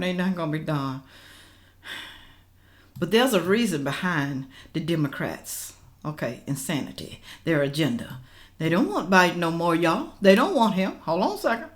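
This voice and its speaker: A woman hosting a reaction channel, commenting casually and talking straight to her viewers. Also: on the low side. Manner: animated, talks straight to viewers as "y'all".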